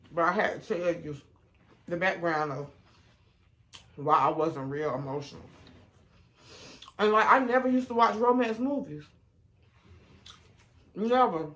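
A woman vlogger telling stories while she eats, chatty and animated, calling her viewers y'all, baby and honey. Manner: animated, with sudden rises in pitch and loudness. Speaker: mukbang vlogger. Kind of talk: casual storytime while eating.

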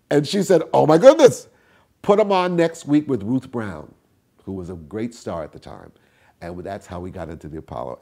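Telling stories from his past, an older man who tap dances speaks in an interview with a mellow, husky voice. Playing the people in his anecdotes, he shifts dramatically in pitch and volume, going from high and loud to low and soft.

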